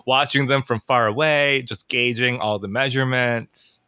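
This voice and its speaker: A man's voice: medium pitch, fairly even intonation, moderate pace, pushed and bright, clear, resonant tone, no echo. A man guest on a podcast, chatting casually in an emotional, rambling way and second-guessing himself. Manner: emotional, rambling, self-questioning. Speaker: podcast guest, entertainment writer.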